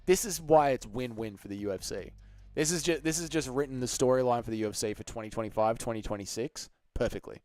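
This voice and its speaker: An Australian man hosting a casual livestream, reading viewer comments aloud and answering them in a cheeky, animated way with casual swearing. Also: mid-range voice, quick pace, dry recording. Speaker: livestream host.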